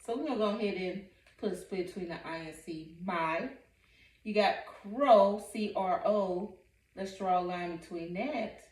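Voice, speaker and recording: Slow, patient woman teaching phonics. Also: medium pitch, a little mellow. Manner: slow, patient, repeats each word syllable by syllable. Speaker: reading coach. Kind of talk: phonics lesson, sounding out words. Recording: echoey room, voice from a distance.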